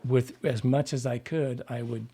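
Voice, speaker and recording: A man's voice: mid-range voice, steady tone, measured pace, dark tone, slightly rough. A man who works as a dialect coach, telling stories in a rambling, casual interview with many fillers and restarts.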